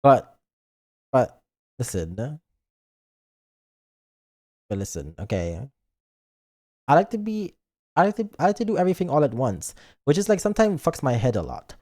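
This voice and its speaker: A man's voice: sits high, very animated, quick pace, mellow. A man streaming live and chatting casually, playful and dramatic, acting out his own thoughts aloud. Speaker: virtual streamer.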